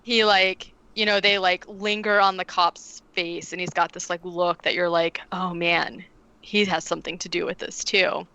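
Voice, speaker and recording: A woman on a podcast recaps a movie in a lively, casual way, using "like" in nearly every sentence and slipping into the characters' lines. Her voice is lowish yet bright and crisp, at a moderate pace, with the highs cut off.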